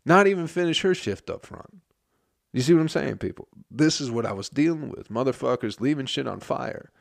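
A man's voice: medium pitch, expressive, brisk, creaky, no echo. A man who works in a restaurant kitchen, telling a story as a heated, profane rant.

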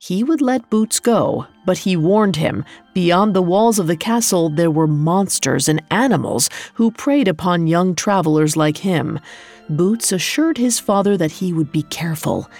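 A woman telling a folktale in a measured, scripted storytelling delivery. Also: on the low side, a little mellow. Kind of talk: scripted narration.

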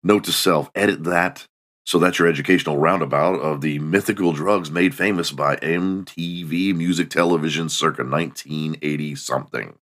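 A man's voice: extremely low pitch, fairly even intonation, moderate pace, fairly bright tone. A middle-aged man hosting a solo comedy podcast, sarcastic and mocking, acting out little scenes. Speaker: podcast host.

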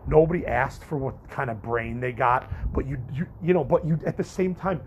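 A young man talks straight to his viewers in a loose, rambling vlog, cursing casually and restarting his thoughts often. His voice sits at an ordinary middle pitch, and a faint hum of background noise runs under it. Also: moderate pace, lo-fi sound. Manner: candid, profane, rambling with frequent restarts and fillers. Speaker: vlogger and podcaster.

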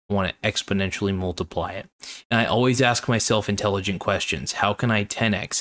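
Tired male host, low-pitched voice, rambling and earnest, repeats himself. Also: a bit bright. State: tired, yawning. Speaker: podcast host. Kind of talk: casual solo talk.

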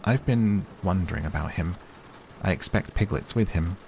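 Eager storybook boy Christopher Robin, read by a man, deep gravelly tone under faint rain. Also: normal speed, darkish tone. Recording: faint rain noise behind.

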